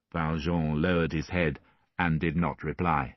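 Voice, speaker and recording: A man reading a classic novel aloud as an audiobook narrator, measured and expressive. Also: a bass voice, no room sound, lo-fi sound.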